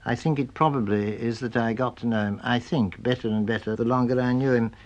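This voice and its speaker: A man recalling a friend thoughtfully, often hedging and pausing on uh and I think. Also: mid-range voice, steady tone, a little mellow, highs cut off. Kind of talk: spoken reminiscence.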